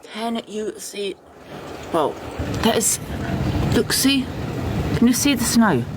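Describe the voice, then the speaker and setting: A woman hosting a casual live stream, excitable and chatty, talking straight to her viewers. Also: on the high side, takes it slowly, noisy background.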